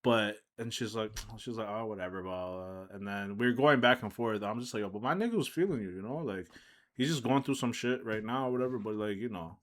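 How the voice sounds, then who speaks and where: A man streamer casually telling a personal story, animated and laughing, swinging between mumbles and shouts. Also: on the low side, brisk. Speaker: streamer reacting to a video.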